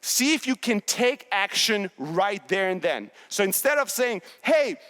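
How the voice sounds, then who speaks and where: A man in his thirties giving a blunt, profane, high-energy motivational talk on a conference stage. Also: sing-song, measured pace, bright, forceful tone. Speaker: keynote speaker.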